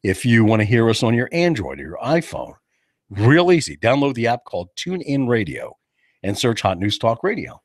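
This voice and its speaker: Radio talk host guy, jokey and lively, voice jumps all over, dry studio mic. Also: mid-range voice, moderate pace, no room sound. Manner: animated, jokey, acts out other people's voices. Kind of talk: casual radio chat. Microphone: studio microphone.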